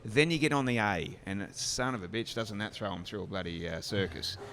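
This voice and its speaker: An Australian man spins a comic story as a guest on a casual chat show. His voice is bright and forward, and he talks in an animated, joking way, with casual swearing. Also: lowish voice, fairly quick. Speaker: brewery co-owner guest.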